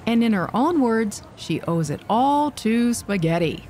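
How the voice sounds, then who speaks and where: A woman's voice: a little high, expressive, a little slow, few pauses, darkish tone, faint music behind, rough recording. Chatty woman food vlogger. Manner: enthusiastic, chatty. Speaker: host of a cooking channel. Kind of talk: casual food vlog and narration.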